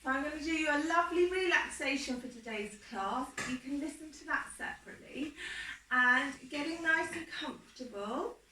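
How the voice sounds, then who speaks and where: A woman teaching a children's yoga class, giving soft, encouraging step-by-step instructions. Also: sits high, normal speed, far from the mic, background noise. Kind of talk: guided kids' yoga class. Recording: echoey room, voice from off-mic.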